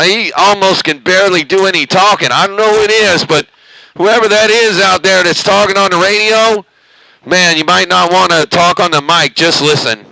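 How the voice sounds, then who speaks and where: High-pitched and creaky, his pushed, bright voice comes through poorly on a CB radio mic. He's the channel's host, talking casually from his bedroom at home in a rambling, folksy way, stumbling over fillers.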